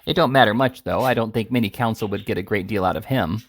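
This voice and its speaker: A man's voice: on the low side, quick pace, lightly acted. A man reading aloud and voicing a fussy little male lawyer who talks in a bustling, chatty and knowing way.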